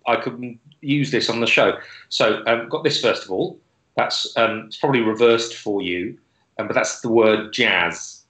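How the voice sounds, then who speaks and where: A man hosting an online comedy club, delivering deadpan stand-up in a hesitant way with lots of filler words. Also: fairly low pitch, roomy sound, low-quality recording. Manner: hesitant, many fillers and restarts, dry delivery.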